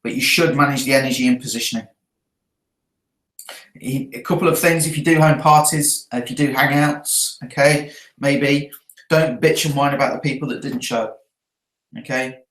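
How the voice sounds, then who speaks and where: A man's voice: mid-range voice, fairly even intonation, moderate pace, a bit bright, reverberant, low-quality recording. A man who trains network marketers, talking through his event notes earnestly and often checking in with his listeners. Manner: earnest, checks in with a frequent tag question.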